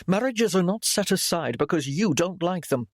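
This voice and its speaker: A man's voice: high-pitched, normal speed, dry recording, clean studio sound. A man playing a firm young nobleman. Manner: firm, reasonable, steady. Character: young nobleman, protective husband and son. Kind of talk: audiobook character voice.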